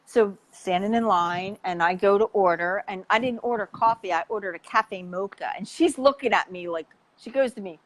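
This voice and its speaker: A woman health coach telling an animated, chatty story in casual conversation, with the odd swear word. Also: mid-range voice, normal speed, few pauses, poor audio.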